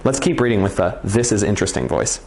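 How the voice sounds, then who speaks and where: A man gives a reading lesson to children in a playful, encouraging manner. His voice sits a little low but moves with animated rises and falls. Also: fast talker, a little hiss or hum. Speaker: reading teacher.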